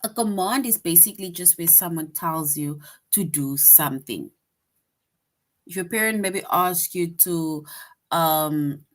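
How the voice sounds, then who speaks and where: A woman's voice: lowish voice, slow pace, pauses often. A woman teaching a grammar lesson to young children, patient and repetitive, checking in with "right?" after each point.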